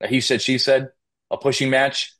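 A man's voice: mid-range voice, fairly even intonation, moderate pace, a bit bright. Emphatic man explaining police law. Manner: emphatic, rhetorical questions, acts out quotes. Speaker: police legal trainer, podcast guest. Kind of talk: conversational interview. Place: Las Vegas.

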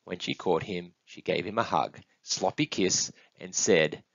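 A man reading a picture book aloud in an expressive, sing-song storytelling manner. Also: deep voice, unhurried, vocal fry, few pauses, dry recording. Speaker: storybook reader. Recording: dull, dry close recording.

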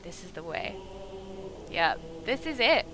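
A woman streaming a video game, chatting casually, gasping, swearing and shouting at the screen. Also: on the low side, very animated, slow pace, music in the background. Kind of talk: casual live-stream commentary.

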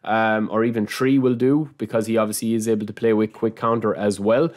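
A man's voice: on the low side, level tone, fairly quick, darkish tone. A young man hosting a gaming channel, talking casually through a game review with lots of fillers and restarts. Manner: chatty, many fillers and restarts.

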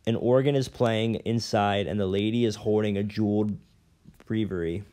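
A man reading a novel aloud at an unhurried pace, now and then stumbling and correcting himself. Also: fairly low pitch, steady tone, warm tone. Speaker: reader.

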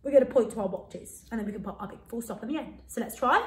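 A woman teacher with a British accent, giving a phonics lesson to children and sounding out each letter slowly and clearly. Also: a little high, roomy sound, rough recording. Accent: British English. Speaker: primary school teacher.

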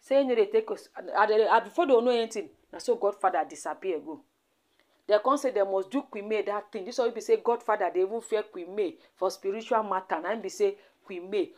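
A Nigerian woman tells a celebrity gossip story in Pidgin as storytelling commentary, dramatic, repetitive and full of exclamations. Her voice is mid-range and brisk.

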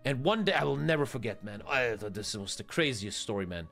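Animated man telling a story. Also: mid-range voice, fairly quick, creaky, faint music behind. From Germany. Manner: profane, emphatic storytelling with frequent repeats. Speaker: streamer host.

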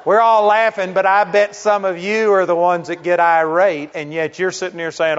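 A male pastor preaching in a conversational way, tossing out rhetorical questions and stories from his travels. His voice sits a little high. The sound is dull and lo-fi, like an older church recording. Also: fairly even intonation, moderate pace, few pauses. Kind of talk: sermon.

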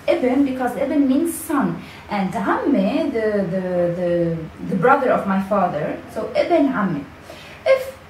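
Lebanese woman teaching in an echoey room. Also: fairly high pitch. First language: Arabic. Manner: patient, repeats words slowly, many fillers and restarts. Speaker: language teacher. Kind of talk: casual video lesson. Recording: echoey room, mic at a distance, faint background noise.

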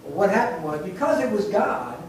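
Man, higher voice, preaching from the pulpit, recorded from far back in a very echoey church hall. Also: sing-song, a little fast. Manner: conversational, storytelling with laughs and restarts. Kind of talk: sermon. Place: church sanctuary. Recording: echoey church hall, distant mic, faint noise.

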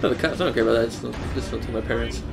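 A man's voice: mid-range voice, gravelly, low-quality recording. A young man casually commentating a video game with a friend, joking and laughing often. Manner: joking, laughs often, trails off mid-sentence. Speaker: gameplay commentator. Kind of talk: casual let's-play banter.

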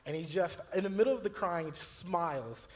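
A man's voice: high voice, a little fast, a little mellow, big-room sound. A man, a youth pastor, talking earnestly and telling stories with many fillers and restarts. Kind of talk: church video conversation.

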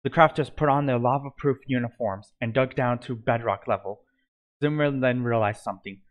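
A man's voice: medium pitch, a little fast. A man reading a fan-written adventure story aloud in an amateur way, stumbling and correcting himself. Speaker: narrator.

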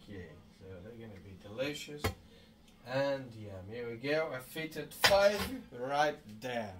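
A man's voice: mid-range voice, animated, unhurried. A man hosting a cooking tutorial in his home kitchen, talking viewers through each step and ending lines with a friendly "eh?". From Madeira, Portugal. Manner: friendly, tags sentences with "eh?". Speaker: home cook, video host. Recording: distant mic, faint room noise.

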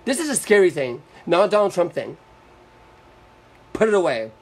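A young Floridian man hosts a live stream and launches into an angry political rant, profane, combative and sarcastic. His voice sits high with big pitch swings, at a moderate pace.

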